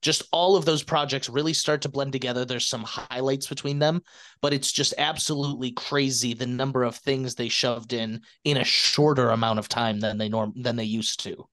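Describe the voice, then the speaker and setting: A man's voice: mid-range voice, fairly even intonation, normal speed, a bit bright. A man speaking as a guest on a casual podcast, talking enthusiastically and acting out his own past reactions in quoted asides.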